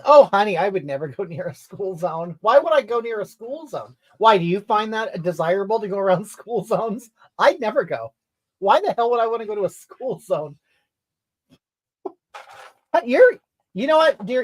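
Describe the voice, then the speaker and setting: Drag-style performer putting on a loud rude entitled lady, swoops all over while she scolds the chat, stays mid pitch. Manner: brash, indignant, scolding, rambling. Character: crude, entitled, brash middle-aged woman. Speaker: comedy livestreamer reading comments in character. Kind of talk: improvised character comedy.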